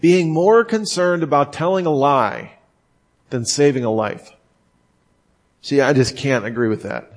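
A man's voice: medium pitch, a little slow, long pauses. Man preaching casually with sudden emphasis. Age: adult, former smoker. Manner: conversational, emphatic, with frequent restarts. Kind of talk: informal sermon.

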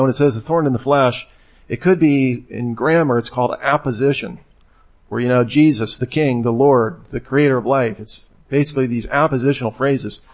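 A man preaching a sermon in a conversational teaching manner, acting out the lines he quotes. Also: medium pitch. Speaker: pastor.

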